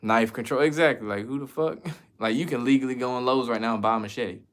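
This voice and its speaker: A man's voice: medium pitch, quick pace. A man from the United States chatting casually as a streamer, answering viewer questions in a loose, slangy, profane way. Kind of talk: casual chat.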